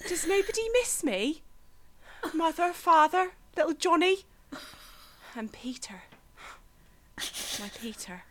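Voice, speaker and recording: A lonely, desperate young woman stuck down a well, acted by a woman calls out in breathless, pleading cries. Her voice is high and bright, and she delivers the melodrama slowly and deliberately, with wild leaps in pitch. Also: big pitch swings, exaggerated voice. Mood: lonely, forlorn. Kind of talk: melodramatic monologue.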